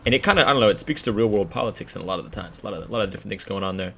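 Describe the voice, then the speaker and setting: A man's voice: on the low side, animated, very fast, gravelly, sharp tone, a little hiss or hum. Rambling young man commenting on a game. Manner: rambling, slangy, joking. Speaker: gameplay commentator. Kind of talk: casual let's-play commentary.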